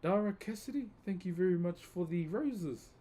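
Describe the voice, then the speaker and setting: This easygoing New Zealand man, speaking with a New Zealand accent, has a high, expressive voice with a dark tone and moderate pacing. He chats with his live-stream viewers, calling them "bro," while working on a wood carving.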